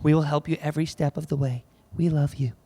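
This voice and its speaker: A man's voice: on the high side, steady tone, fast talker, warm tone, husky. A man voicing an earnest, gushing American parent talking to his kids, with an American accent. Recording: hall reverb from a club stage.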